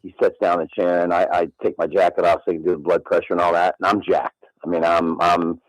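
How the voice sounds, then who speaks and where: A man's voice: low-pitched, flat delivery, quick pace, no echo, rough recording. A man in his sixties telling a boastful story in casual radio chat, acting out both sides of the dialogue with animation. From Midland, Michigan. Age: 60s. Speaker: radio show guest.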